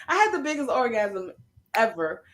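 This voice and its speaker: A woman co-hosting a casual chat show, telling a story in an animated, playful way. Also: on the high side, moderate pace, crowd noise. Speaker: podcast co-host.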